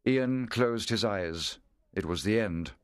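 A man narrating a story in a measured, clear reading voice. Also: fairly low pitch, no echo, clean studio sound.

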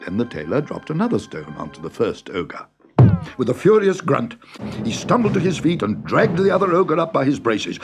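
A man reading a fairy tale aloud in an expressive, dramatic way. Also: mid-range voice, normal speed. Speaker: narrator. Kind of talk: storybook reading. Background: music.

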